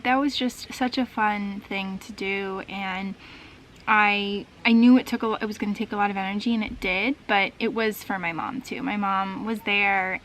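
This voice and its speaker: A woman's voice: medium pitch, fairly bright tone, a little hiss or hum, poor audio. Bubbly young woman vlogging. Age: young adult. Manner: bubbly and chatty, laughs often. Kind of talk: casual vlog chat.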